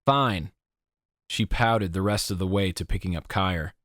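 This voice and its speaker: A man narrating a teen fantasy audiobook in an even, measured way. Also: low-pitched, no echo, clean studio sound. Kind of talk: scripted narration.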